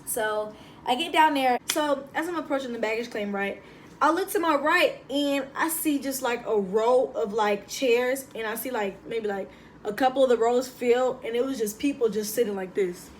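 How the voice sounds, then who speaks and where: Young woman, animated storyteller, phone propped on a table at home, light hiss. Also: fairly high pitch, normal speed. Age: young adult. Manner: chatty, animated, slangy. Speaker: vlogger. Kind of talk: casual storytelling vlog.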